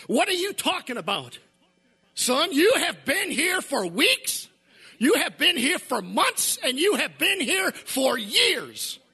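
A man's voice: very high-pitched, big pitch swings, slow pace, faint music behind, heavily acted. A man voicing a stern but loving old father who scolds and pleads with his son. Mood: impassioned. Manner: scolding, pleading, building to shouted preaching.

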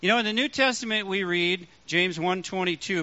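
A pastor delivers his sermon in a high, bright voice. He preaches in an animated way and acts out the voices he quotes. The recording sounds dull and lo-fi. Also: moderate pace, few pauses.

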